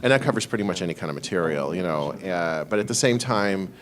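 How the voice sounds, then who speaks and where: A man's voice: deep voice, lively intonation, fast. A man on a convention panel giving thoughtful advice, often stammering and restarting words.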